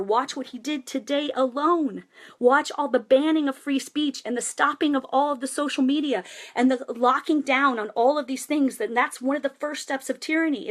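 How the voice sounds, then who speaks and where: Impassioned woman with a high voice. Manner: passionate, rambling, emphatic. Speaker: vlogger and protester. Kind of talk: impassioned political monologue.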